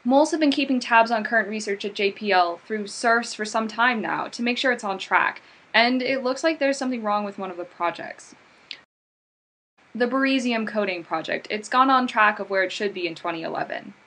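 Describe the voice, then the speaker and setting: A woman's voice: mid-range voice, a little fast, a bit bright. A woman playing an earnest female mission briefer who explains things in a matter-of-fact way.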